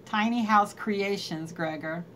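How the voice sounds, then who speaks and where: A woman's voice: medium pitch, unhurried, fairly bright tone, slight background noise. A woman hosting a casual live stream, chatting and greeting viewers by name and laughing often. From North Carolina.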